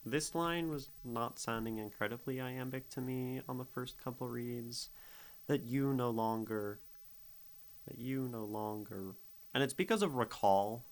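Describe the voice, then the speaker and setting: A man livestreams as a poetry critic, casually thinking aloud and sounding out rhythms and syllables as he reads lines. His voice is mid-range, and the audio is poor.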